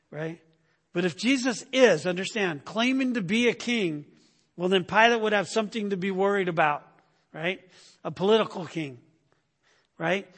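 High-voiced preacher who keeps asking "right?". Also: male voice, normal speed, pauses often, fairly bright tone. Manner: acts out quoted speakers in raised voice. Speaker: pastor. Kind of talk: sermon.

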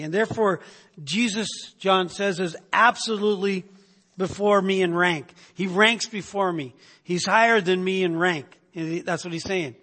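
A man's voice: high voice, a bit bright. A man preaching a sermon as pastor, telling a story casually with restarts and frequent "right?" asides. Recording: hall reverb.

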